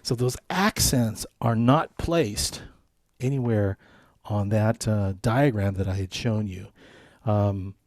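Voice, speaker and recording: Slow, steady man teaching guitar. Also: fairly low pitch. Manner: counts beats slowly and steadily, friendly coaching. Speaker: guitar instructor. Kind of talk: live online guitar lesson.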